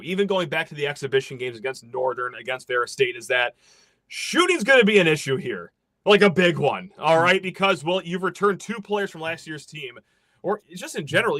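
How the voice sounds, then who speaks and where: Brief: high, lively man, podcast host on a sarcastic rant, dry close sound. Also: no room sound. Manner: animated, ranting, sarcastic.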